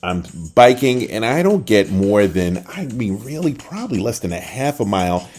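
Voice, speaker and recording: Deep-voiced older man telling a story. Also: normal speed, soft background music. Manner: animated, acts out quoted voices, trails off at the end. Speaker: podcast host. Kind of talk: casual storytelling.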